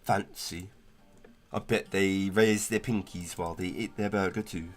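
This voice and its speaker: A man's voice: low voice, fairly even intonation, unhurried. A young man, chatting casually and rambling on a gaming livestream, full of slang like "bro". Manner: laid-back, slangy, rambling with frequent "bro" and "like". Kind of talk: casual gaming stream chat.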